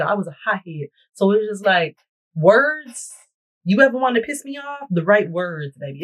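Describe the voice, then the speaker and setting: A woman's voice: mid-range voice, poor audio. Dramatic young woman telling a storytime. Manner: dramatic, animated, talks straight to viewers. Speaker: beauty vlogger. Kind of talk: storytime chat while getting ready. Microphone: camera mic while doing her makeup.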